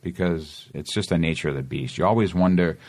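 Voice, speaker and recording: A man's voice: low-pitched, brisk. A man in his forties with a Boston accent, an actor chatting as an interview guest and acting out the lines he quotes. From Massachusetts. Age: 40s. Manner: animated storyteller, acts out quotes. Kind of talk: casual interview chat.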